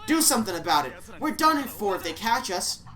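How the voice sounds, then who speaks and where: A woman voicing an obsessive, agitated teenage boy who talks loud and pushy. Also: medium pitch, sing-song, fairly quick.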